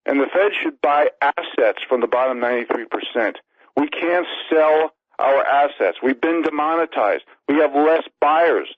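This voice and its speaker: A sixty-year-old New York City man, an author guesting on the radio by phone, breathlessly runs through an emphatic list of political demands in an impassioned monologue. His voice is on the high side and animated at normal speed, over a tinny phone line with no room sound.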